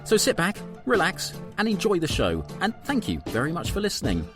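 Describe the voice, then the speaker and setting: A man reads a scripted podcast opening with a wry, lively delivery and a voice that moves a lot. His pitch sits a bit high. Clear music plays underneath him. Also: fairly quick. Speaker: podcast intro announcer. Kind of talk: scripted show intro. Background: music bed.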